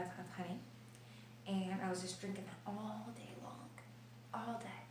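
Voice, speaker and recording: A woman vlogging about her illness in her kitchen, telling her story with animated gestures and sometimes dropping to a quiet whisper. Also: medium pitch. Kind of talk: personal video diary. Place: kitchen of an old house. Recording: roomy, distant mic with faint noise.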